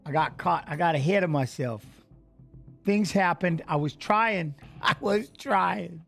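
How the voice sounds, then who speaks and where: A man with a high voice hosts a loose, casual live stream. He talks excitedly, calls out viewers by name and repeats his lines for emphasis. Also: measured pace, creaky, faint music behind. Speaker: livestream host reading chat.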